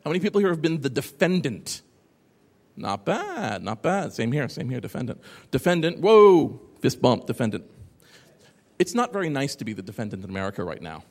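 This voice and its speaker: Male conference speaker, sardonic and rambling, lively pitch, long hall reverb. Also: brisk. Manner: animated, sarcastic, rambling with asides. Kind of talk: live talk to an audience. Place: large hall with audience.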